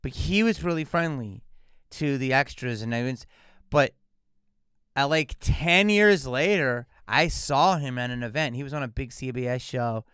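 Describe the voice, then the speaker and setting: A man in his fifties from the Philadelphia area, a guest actor telling lively stories on a podcast and acting out the people he quotes. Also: mid-range voice, normal speed, clear, resonant tone, no echo, studio quality. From Philadelphia area, USA. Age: 50s. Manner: animated, acts out quoted dialogue. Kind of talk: casual podcast storytelling.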